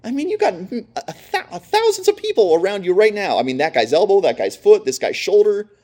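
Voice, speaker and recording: A man's voice: sits high, very animated, fairly quick, a little mellow, pitched above the performer's own voice. A man voicing a group of confused disciples, raised and incredulous in tone. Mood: bewildered. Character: confused crowd of male disciples, bewildered.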